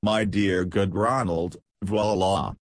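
A man's voice: deep voice, steady tone, takes it slowly, no room sound. A man reading the part of a haughty society lady with a drawling delivery.

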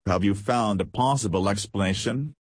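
A cool, understated detective who speaks calmly and drily, as a man reads him in an audiobook. The voice is low and husky, recorded close in a dead-dry space. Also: moderate pace, dry recording. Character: calm shrewd middle-aged male detective.

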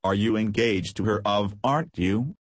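A man's voice: lowish voice, normal speed, no echo, close to an everyday voice. A man reading the part of a proud society lady who speaks urgently and pleads.

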